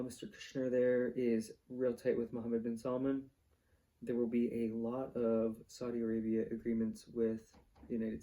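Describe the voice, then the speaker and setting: Profane rambling man, dark flat voice. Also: medium pitch. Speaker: vlog host. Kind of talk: casual ranting monologue.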